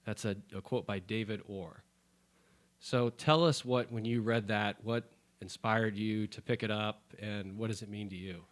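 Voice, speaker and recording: A man co-hosting a podcast in a studio, talking casually and enthusiastically in quick bursts. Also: lowish voice, fairly even intonation. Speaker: podcast co-host. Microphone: studio microphone.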